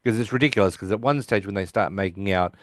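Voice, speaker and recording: Low-voiced man, podcast co-host, rambling recap, dry close sound. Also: fast talker, no room sound. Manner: retells scenes by quoting character lines; rambling, with frequent restarts. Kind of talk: casual episode recap chat.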